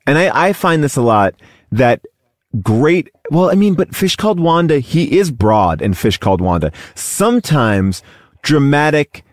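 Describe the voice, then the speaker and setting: A man's voice: a little high, big pitch swings, a little slow, no echo, studio quality. A man co-hosting a podcast, talking about a film in a rambling way with many restarts. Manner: rambling, many restarts, breaks into character voices. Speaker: podcast co-host. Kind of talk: casual film discussion.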